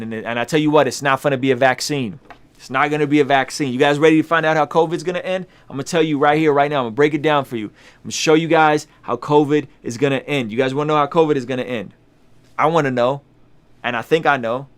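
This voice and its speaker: A man's voice: a little high, fast. Emphatic man chatting straight to viewers. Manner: emphatic, repeats lines for effect; addresses viewers directly, conversational slang. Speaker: YouTube host. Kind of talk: casual vlog commentary.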